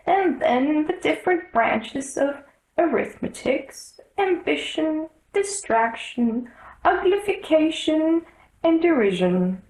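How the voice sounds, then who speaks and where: A woman doing a high, mournful Mock Turtle. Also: lively intonation, slow, darkish tone, reverberant, poor audio. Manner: mournful, sighing, high wavering voice. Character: sad, sighing male Mock Turtle.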